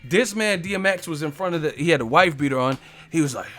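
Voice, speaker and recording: A man's voice: on the high side, lively intonation, fast talker, fairly bright tone, soft background music. A man hosting a casual live stream, telling profane stories and laughing often.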